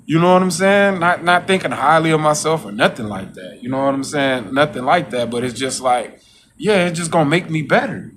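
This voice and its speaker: A man's voice: animated, a little fast, crowd noise. A man talking, preaching and repeating his phrases as he goes. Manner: preachy, repeats "you know what I'm saying"; mocks coworkers in a high voice. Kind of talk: casual monologue vlog.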